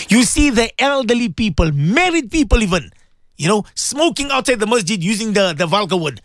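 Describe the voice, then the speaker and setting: A man preaches on a morning radio show, pressing his listeners with repeated questions. His voice leaps and falls in lively swings, sitting a little above the usual male pitch. The sound is close and dry, with no room around it. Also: moderate pace, no echo. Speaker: radio presenter giving Islamic teaching.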